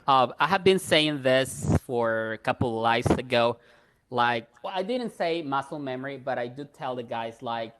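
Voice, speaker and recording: A man's voice: medium pitch, animated, moderate pace, a bit bright, smooth. A man hosts a live stream in easy conversation. He reads out viewer questions and chats about learning English. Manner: conversational, agreeing often, storytelling. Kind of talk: casual chat reading viewer questions.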